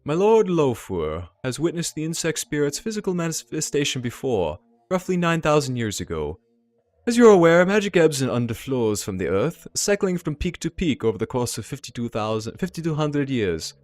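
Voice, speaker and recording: A man voicing a slow, melodious German male envoy of a dragon, with a put-on German accent, savoring each word. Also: fairly high pitch, sing-song, a little mellow, dry recording, pitched above the performer's own voice. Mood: solemn.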